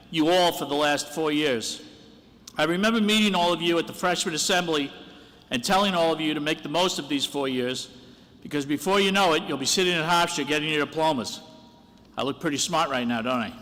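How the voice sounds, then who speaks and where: Man, school dean, bright voice, earnest commencement address in a reverberant hall. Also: on the high side. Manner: earnest, encouraging, self-deprecating. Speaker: dean of the senior class. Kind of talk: graduation speech.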